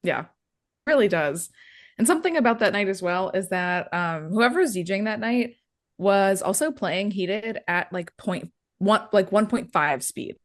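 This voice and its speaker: A woman's voice: medium pitch, animated, normal speed. A young woman co-hosting a pop music podcast, talking enthusiastically and gushing over songs. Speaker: podcast co-host. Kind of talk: casual chat.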